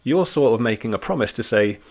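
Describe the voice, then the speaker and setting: A man giving a relaxed, joking church talk to young people, teaching like a friendly youth leader. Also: mid-range voice, fairly quick.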